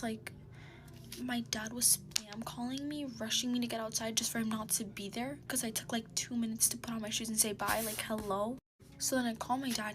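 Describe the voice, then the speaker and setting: A teenage girl telling a storytime in a hushed, mostly whispered voice, tearful and exasperated. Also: on the high side, flat delivery, normal speed, noisy background.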